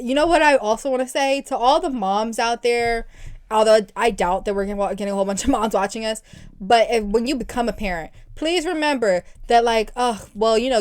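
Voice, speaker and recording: A young woman co-hosting a podcast, telling a story in casual chat with animated, profane ranting. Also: a little high. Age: young adult. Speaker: podcast co-host.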